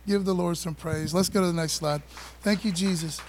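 A man preaching a sermon to his church, animated and repeating phrases, calling on the congregation to answer back. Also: high-pitched, moderate pace, noisy background. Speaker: pastor.

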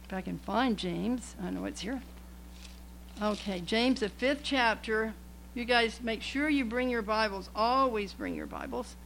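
A woman's voice: fairly high pitch, unhurried, gravelly, fairly bright tone, a little hiss or hum, low-quality recording. A woman preaching a sermon in a folksy, emphatic way, often rambling and restarting her sentences.

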